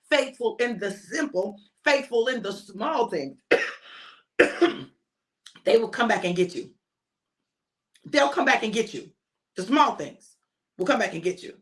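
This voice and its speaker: A woman's voice: on the high side, fairly bright tone. An older woman preaching an informal sermon, emphatic and repetitive, often calling out to her listeners.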